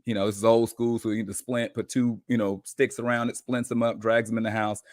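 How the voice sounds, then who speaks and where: A man on a podcast as a guest coach, telling a story in an animated, informal way. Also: medium pitch, brisk, dry recording, studio quality. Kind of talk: casual storytelling.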